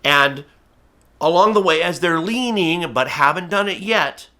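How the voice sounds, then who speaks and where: A man explains falcon training with eager, emphatic energy. His voice is bright and a touch high, and he leans hard on the key words. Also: unhurried. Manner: energetic, emphatic, acts out bird and viewer voices. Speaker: falconry instructor. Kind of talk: instructional talk to camera.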